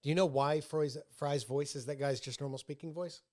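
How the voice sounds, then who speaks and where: Man, podcast co-host, deadpan, playful, fairly high voice. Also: brisk. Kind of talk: casual chat.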